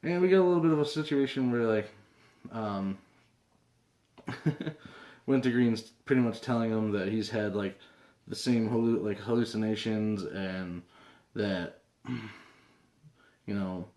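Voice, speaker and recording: A man's voice: fairly low pitch, measured pace, pauses often, darkish tone. A young man hosting a casual comic book review vlog, rambling with lots of fillers and restarts. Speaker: comic book video host. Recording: roomy echo.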